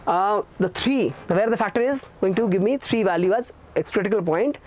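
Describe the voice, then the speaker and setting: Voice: mid-range voice, moderate pace, few pauses, a little mellow. A teacher giving a recorded math lecture, repeating key phrases and asking questions that they answer themselves. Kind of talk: recorded exam-prep lecture.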